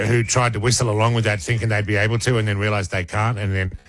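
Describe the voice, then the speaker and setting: A man's voice: on the low side, flat delivery, fast, no echo. An Australian man hosting breakfast radio, chatty, enthusiastic and joking in casual banter. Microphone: studio microphone.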